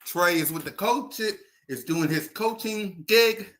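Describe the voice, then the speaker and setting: Male stream host, bright and upbeat, shouting out chat names, slightly winded. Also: sits high, lively intonation, slow pace. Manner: hypes viewers, shouts out names. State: out of breath. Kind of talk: casual livestream chat.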